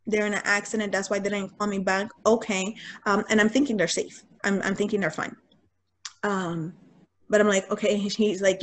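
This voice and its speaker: A young woman telling a personal story in casual talk, candid and animated, acting out what people said. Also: medium pitch, moderate pace. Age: young adult. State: getting choked up. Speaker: guest sharing a personal story.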